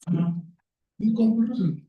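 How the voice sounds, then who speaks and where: A man giving a conference presentation, talking in a halting, earnest way and repeating words as he goes. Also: high voice, narrow, tinny audio. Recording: echoey room, speaker far from mic.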